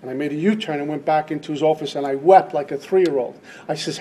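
A middle-aged man with a husky, slightly raised voice tells his recovery story to a meeting. His tone is warm and mellow, yet his delivery is emphatic and preacherly, and he hammers key lines by repeating them. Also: on the high side, fast. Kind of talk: impassioned personal testimony talk.

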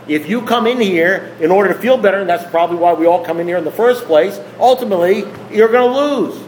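Male recovery-meeting speaker, higher register, repetitive and emphatic, rhetorical delivery. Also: fast talker, few pauses, slight background noise, low-quality recording. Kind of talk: impassioned talk to a group.

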